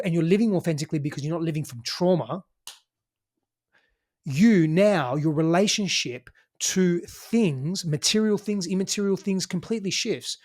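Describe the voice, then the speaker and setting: Man, Australian accent, podcast guest, casual advice, emphatic and sweary, slightly high pitch. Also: darkish tone. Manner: emphatic, sweary, full of "you know" and "right?".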